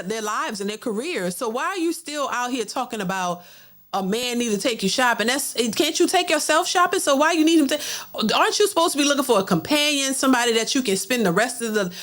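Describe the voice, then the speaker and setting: A woman's voice: on the high side, fairly bright tone. A middle-aged woman hosting a livestream, reading viewer super chats and giving casual, talkative commentary that often repeats words. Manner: chatty, repeats words, mimics others in a mocking voice.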